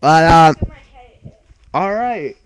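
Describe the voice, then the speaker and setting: A man's voice: a little high, lively intonation, extremely slow, poor audio. A man co-hosting a casual talk show, recapping matches in a loose, rambling way, full of fillers and offhand swearing. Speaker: co-host of a wrestling talk show. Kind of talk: casual chat recapping a wrestling broadcast.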